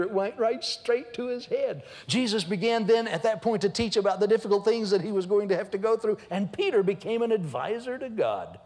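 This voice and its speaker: A high-pitched man preaches in a large church hall, telling a humorous story with animation and voicing each of its characters.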